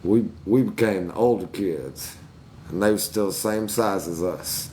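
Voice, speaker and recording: A man's voice: low voice, measured pace, mellow, a little hiss or hum. A man telling crude stories from his childhood in a casual chat, swearing freely and laughing at himself.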